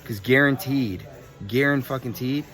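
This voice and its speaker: A young man telling a story in a casual, profane, animated rant full of street slang. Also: medium pitch, slow pace, faint music behind. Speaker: vlogger.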